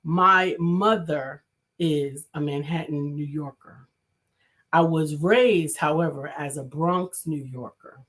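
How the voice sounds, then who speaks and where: A woman's voice: low voice, takes it slowly, fairly bright tone. A woman from New City, co-hosting a casual talk show and thinking aloud as she speaks. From New York City. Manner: reflective, thinks aloud with restarts. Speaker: co-host, coach.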